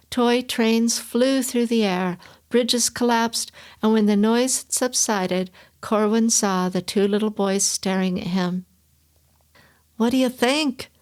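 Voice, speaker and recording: A woman reading a classic story aloud with measured storytelling. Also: mid-range voice. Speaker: story reader. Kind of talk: audiobook reading.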